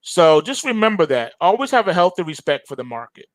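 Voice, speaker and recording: A man's voice: sits high, sing-song, brisk, no room sound. A man hosting a trading show, giving an emphatic, preachy market commentary full of slang and repetition.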